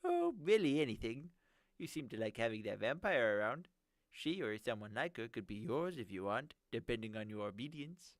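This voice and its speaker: A man's voice: mid-range voice, very animated, normal speed, no echo. A man voicing a smug, nerdy male captor who collects monsters, mocking and condescending, in an audiobook reading.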